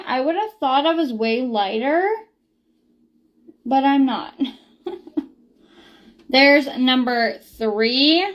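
A woman's voice: on the high side, a bit bright. A young woman talking casually in a vlog, rambling with lots of ums and likes. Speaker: beauty product reviewer.

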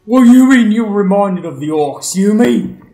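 A man chatting casually while playing a game, jokey with excitable outbursts. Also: high-pitched, moderate pace, roomy sound, soft background music, rough recording. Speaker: gamer, show regular. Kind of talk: casual gaming chat.

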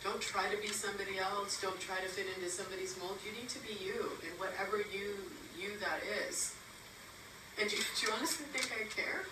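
A woman's voice: medium pitch, fairly even intonation, fairly quick. A mother talking to her son to camera, emphatic and loving about being yourself. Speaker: parent. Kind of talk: casual talk to camera. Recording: echoey, distant, noisy.

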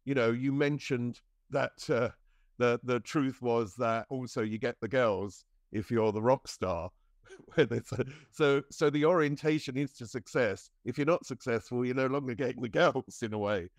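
A man's voice: medium pitch, normal speed, no echo. A man hosting a podcast interview, asking long searching questions with many hesitations.

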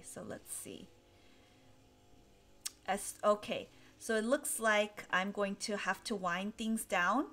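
Young woman teacher doing a live english q&a, talks slow and gentle, lots of ums. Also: mid-range voice. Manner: patient and gentle, with frequent ums. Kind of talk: live-stream lesson answering chat questions.

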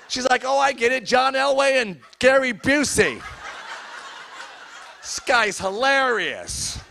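A man's voice: high-pitched, creaky, bright, forceful tone. A middle-aged man doing a stand-up comedy routine in a church hall, teasing the live audience between jokes. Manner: crowd work, teasing the audience.

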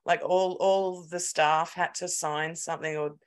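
An Australian woman co-hosting a podcast, telling a story in an animated, sweary, casual way. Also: lowish voice, measured pace, smooth. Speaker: podcast co-host. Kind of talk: casual chat.

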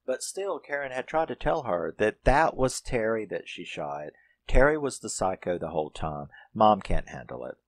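A man's voice: lowish voice, very animated, normal speed, no echo. A man casually reviewing a horror film, rambling, swearing and acting out characters' lines.

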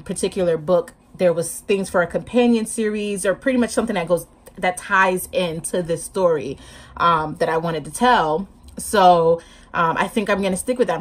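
A woman vlogging casually to camera about her writing, hyper and chatty, laughing often, talking with her hands, a bit sleep-deprived. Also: lowish voice.

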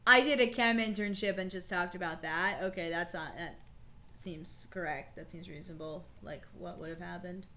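A woman's voice: on the low side, moderate pace, bright, forceful tone, slight background noise. A young woman with a slightly worn voice, chatting casually and swearing freely while she plays through a game on stream. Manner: chatty, profane, laughs often. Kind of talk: casual let's-play commentary.

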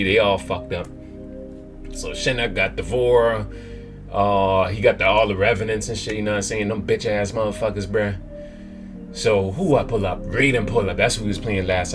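A young man hosting a gaming channel who recaps the story in rambling, excitable, profanity-laced slang. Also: on the low side. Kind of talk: let's-play commentary. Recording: game music in background.

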